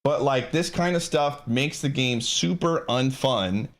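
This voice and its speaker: A man's voice: mid-range voice, unhurried. A man streaming live, ranting to his chat in a frustrated, emphatic, insistent way.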